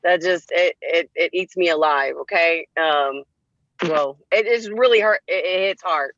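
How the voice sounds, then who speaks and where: A woman trading coach speaking on a group call, emotional and hesitant, with many pauses. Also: lowish voice, fairly bright tone, a little hiss or hum. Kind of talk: casual talk on a group call. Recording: dry, dull, lo-fi sound.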